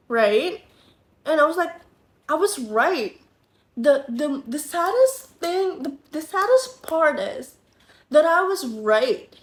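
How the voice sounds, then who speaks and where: A woman's voice: high-pitched, takes it slowly. A young woman telling a candid, profane storytime to her channel, in a casual vlog monologue. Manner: candid, profane, animated retelling. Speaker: vlogger. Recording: echoey room.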